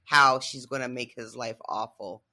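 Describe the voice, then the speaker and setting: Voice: medium pitch, steady tone, normal speed, bright, forceful tone. A podcast co-host in casual chat about a TV episode, often chiming in with short agreements.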